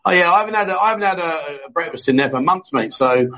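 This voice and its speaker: A man's voice: on the high side, lively intonation, fast talker, bright, forceful tone. A man hosting a casual live chat show, reading out viewer comments and joking with his co-host. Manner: jokey, banters with co-host, frequent restarts. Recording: dull lo-fi stream audio.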